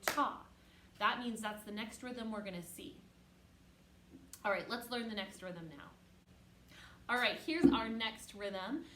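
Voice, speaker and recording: With a fairly high voice, this patient, encouraging teacher gives young kids an online music lesson and loudly chants rhythm syllables for them to echo back. The recording sounds roomy, with slight background noise.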